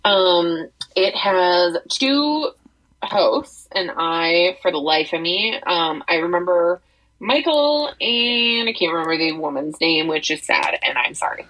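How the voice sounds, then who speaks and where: Husky-voiced woman co-hosting a chatty podcast. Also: lowish voice, expressive, slow pace, lo-fi sound. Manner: rambling, many fillers and restarts. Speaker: podcast co-host. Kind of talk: casual chat about entertainment news.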